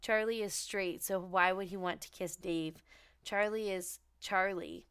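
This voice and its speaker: A woman co-hosting a podcast in casual, excitable book chat, swearing freely and reading passages aloud. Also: mid-range voice, unhurried, clear, resonant tone. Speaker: podcast co-host.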